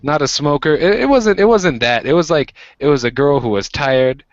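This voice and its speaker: A man's voice: normal speed, no echo, muffled recording. A young American man casually telling a story on a live-streamed chat show, acting out what people said with sudden jumps in his voice. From United States. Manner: animated, acts out quoted voices with pitch jumps. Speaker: podcast co-host.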